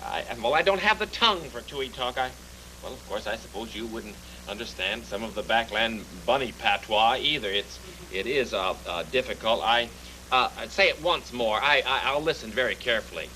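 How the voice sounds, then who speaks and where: A man's voice: medium pitch, animated, normal speed, bright, forceful tone, a little hiss or hum, poor audio. A man voicing a fussy, flustered male bunny in a 1970s TV puppet show, stammering and polite.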